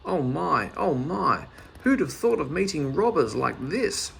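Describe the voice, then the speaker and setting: A man voicing a bumbling, excitable little storybook man who talks in a high, panicky voice. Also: a little slow, vocal fry, a little hiss or hum, full character voice. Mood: defiant.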